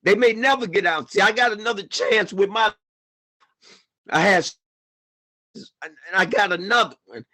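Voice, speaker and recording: A man's voice: sits high, unhurried, long pauses, sharp tone. A man giving an impassioned personal testimony at a panel, repeating himself and often saying "man". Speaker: panel speaker.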